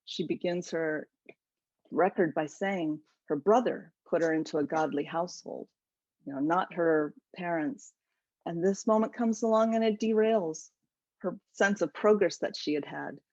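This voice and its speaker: A woman author gives an animated, enthusiastic webinar lecture about her book over a video call. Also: lowish voice, a little slow, no echo. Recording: dull lo-fi webinar audio.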